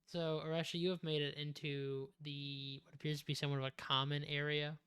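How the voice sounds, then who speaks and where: Brief: male game master, smooth clear voice, casual rambling narration. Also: on the high side, level tone, brisk, fairly bright tone. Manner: loose, rambling, swears casually.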